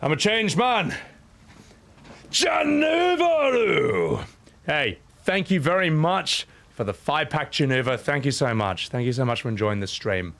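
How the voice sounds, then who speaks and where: A man in his thirties, out of breath, chatting casually on his stream and shouting out thanks to his viewers. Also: mid-range voice, lively intonation, moderate pace, few pauses. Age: 30s. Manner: breathless, thanking chat with loud shout-outs.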